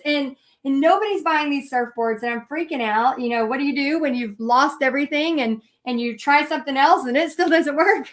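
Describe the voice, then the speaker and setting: A woman's voice: high voice, moderate pace, few pauses. A woman teaching a live painting lesson, chatting and telling her story with lots of fillers and restarts. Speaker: paint party instructor.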